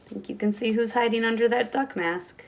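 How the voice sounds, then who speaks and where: A kindergarten teacher reading a picture book aloud, with expressive storytime delivery and voices for the characters. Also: female voice, fairly high pitch, fairly quick, creaky.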